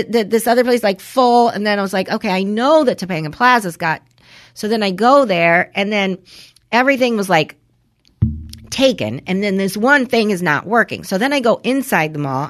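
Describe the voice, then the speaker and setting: A woman co-hosting a podcast, telling a story in casual chat, acting out the quoted exchanges with lively shifts and swearing freely. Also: mid-range voice. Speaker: podcast co-host.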